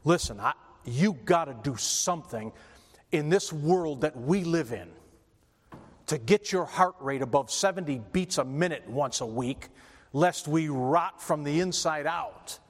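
Give me a man preaching an emphatic sermon, higher-pitched, with long reverb behind him. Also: lively intonation, unhurried. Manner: emphatic, repetitive, restarts often.

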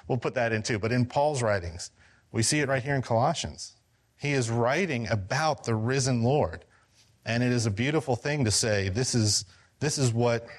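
A man who pastors a church, teaching a casual Bible study class, talking conversationally with restarts and fillers while his voice wears thin. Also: mid-range voice. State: losing his voice.

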